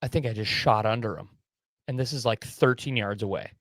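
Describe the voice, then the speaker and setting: A man's voice: fairly low pitch, a little fast, no room sound. A young man co-hosting a podcast, telling a hunting story in casual chat, acting out his own thoughts, whispering some and swearing now and then. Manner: animated, swears, acts out his own inner voice. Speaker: podcast co-host.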